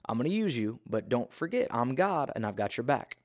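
A man's voice: mid-range voice, big pitch swings, a little fast, a little mellow, no room sound, clean studio sound, lightly acted. A man voicing God as a casual, self-assured, slightly smart-alecky deity in a retold Bible story. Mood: reassuring. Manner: breezy, reassuring, a bit smart-alecky.

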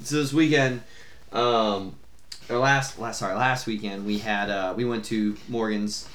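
A man's voice: fairly low pitch, steady tone, unhurried, fairly bright tone, roomy sound, slight background noise. A young man co-hosting a podcast, telling a long story in casual chat, rambling with fillers and the odd curse. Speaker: podcast co-host.

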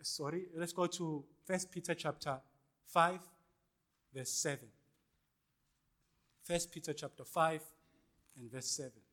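A male pastor, preaching a sermon and calling out to the congregation for responses, with swings between loud and hushed lines. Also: on the high side, takes it slowly, pauses often.

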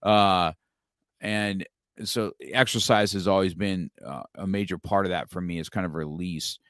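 A man's voice: low-pitched, a little slow, a bit bright, no echo, studio quality. A middle-aged man hosting an interview, talking in a rambling way with many fillers and restarts. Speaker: podcast host. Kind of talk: casual interview chat.

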